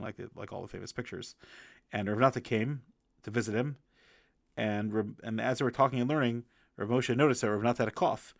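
This low, gravelly-voiced man reviews a book by walking through its stories, stumbling casually over restarts and filler words as he talks. His voice comes across close-miked and dry, without any echo or room sound.

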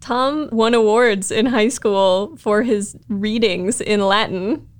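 A woman's voice: mid-range voice, takes it slowly. A woman co-hosting a casual podcast who chats in an easygoing way and reads recaps. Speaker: podcast co-host.

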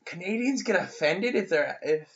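This young American man has a fairly high voice that swings up and down a lot as he talks. He co-hosts a casual chat and keeps teasing his partner. The audio is dull and lo-fi. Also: expressive, moderate pace. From United States. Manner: playful and teasing. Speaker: podcast co-host. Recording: dull lo-fi sound.

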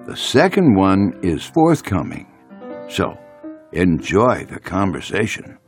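A man introducing his podcast in a folksy, playful manner. His pitch roams widely and he takes his time. Soft music runs quietly behind him. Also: wildly swooping pitch, slow pace. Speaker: podcast host. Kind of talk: scripted show introduction.

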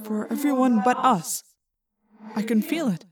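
A woman voicing a grave, formal young male alien who speaks in measured phrases in an audiobook. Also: a little high, animated, a little hiss or hum. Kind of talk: audiobook character voice.

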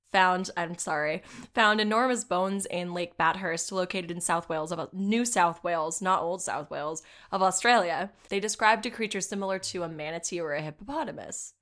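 A woman co-hosting a casual podcast with a middle-pitched voice. She reads old accounts aloud and keeps breaking off into laughter and swearing asides. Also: moderate pace, a bit bright. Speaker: podcast co-host.

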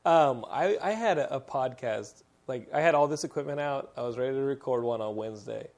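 A male podcast host chatting casually into a studio mic. His talk is animated storytelling, loose and full of fillers and laughs. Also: mid-range voice, brisk, gravelly. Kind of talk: casual chat.

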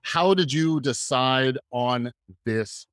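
A man's voice: mid-range voice, slow pace, a bit bright, clear, resonant tone, no room sound. A man hosting a podcast, talking casually and rambling with lots of fillers. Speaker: podcast host. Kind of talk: podcast interview.

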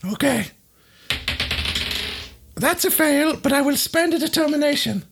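A woman playing a tabletop game, talking in a playful, drawn-out way. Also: sits high, lively intonation, gravelly, background noise. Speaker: player.

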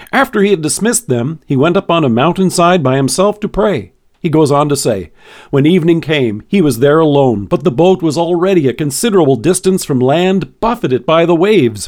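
A man hosting a devotional podcast, reading a scripted devotion with expressive, varied emphasis. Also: fairly high pitch.

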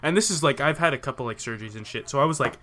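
A young man telling a story in casual chat, animated and swearing freely. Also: mid-range voice, very fast.

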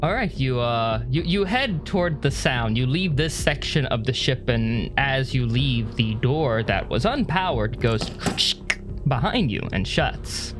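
Lively game master narrating over music. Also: medium pitch, unhurried.

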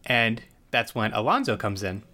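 A man's voice: fairly low pitch, big pitch swings, moderate pace, pushed and bright. A man in casual podcast chat, loosely retelling a TV episode with restarts and asides. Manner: loose, rambling storyteller with restarts. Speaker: podcast co-host.

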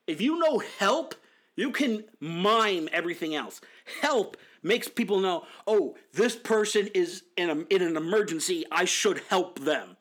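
Young male vlogger with a bright, animated, exasperated rambling delivery, suited to casual rant commentary. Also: high-pitched. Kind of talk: casual movie-reaction rant.

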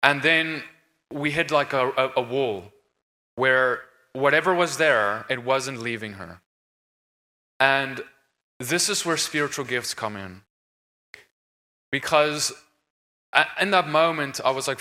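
Here the deliverance ministry speaker is unhurried, leaving long pauses, his medium-pitched voice sharp in tone. Preaching earnestly from a conference stage in a large, echoing hall, he keeps restarting his sentences.

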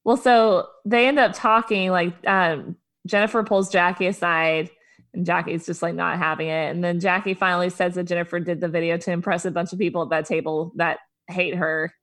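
A woman co-hosting a podcast, chatting casually about reality TV and reacting with quick exclamations. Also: lowish voice, steady tone, a bit bright. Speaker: podcast co-host. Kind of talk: casual chat recapping reality TV.

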